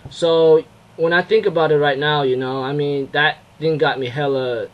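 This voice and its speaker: A young man giving a casual anime episode review, excitable and rambling, with many fillers and restarts. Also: on the high side, moderate pace, dull audio.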